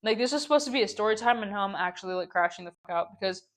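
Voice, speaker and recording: Her medium-pitched, fairly bright voice moves rapid-fire with lively intonation as this young podcast host vents. It's a casual story-time ramble, exasperated and ranting, full of "like" and repetition.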